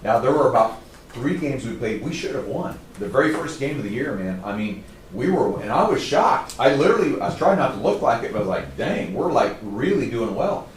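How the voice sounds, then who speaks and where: A middle-aged man telling stories to a live audience as a trainer, in a casual, animated way. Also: mid-range voice, a little fast, a little hiss or hum. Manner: casual, animated storytelling, says "man" often. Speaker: trainer speaking to a group. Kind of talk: storytelling talk to a live audience. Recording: roomy, distant mic.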